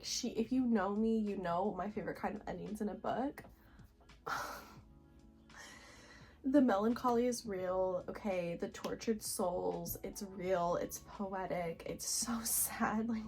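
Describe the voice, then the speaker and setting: A young woman in her twenties talking excitedly to camera about books at home, gushing with lots of filler words. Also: medium pitch. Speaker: book vlogger. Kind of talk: casual reading vlog chat.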